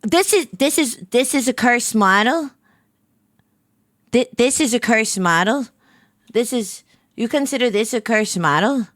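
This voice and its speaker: A young adult woman streaming as a VTuber, bubbly and giggly, with a squeaky voice and lots of stammered repeats. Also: a little slow, pauses often, fairly bright tone, dry recording, clean studio sound. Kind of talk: casual live stream chat.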